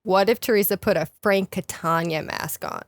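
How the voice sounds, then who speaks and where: A woman co-hosting a casual podcast chat, teasing her friend and laughing often. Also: mid-range voice. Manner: teasing, giggly, quick to laugh. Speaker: podcast co-host.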